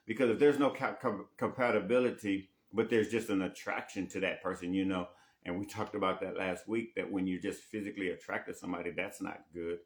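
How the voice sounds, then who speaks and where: A man's voice: low-pitched, steady tone, fairly quick. A man coaching on dating in a casual teaching monologue, often repeating himself and tagging rhetorical questions with "right?".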